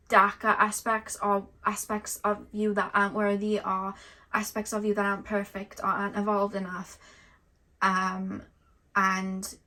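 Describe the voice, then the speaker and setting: A woman's voice: medium pitch, sharp tone. A woman doing an intuitive tarot reading for her viewers, earnest and openly emotional, rambling with lots of "like" and "um". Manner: rambling, heavy on "like" and "um". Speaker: tarot card reader.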